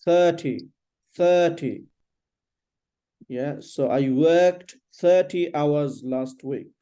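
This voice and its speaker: A woman's voice: sits low, takes it slowly, dark tone, muffled recording. A woman teaching an English lesson, patiently correcting pronunciation and having her student repeat sentences. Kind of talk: one-on-one language lesson.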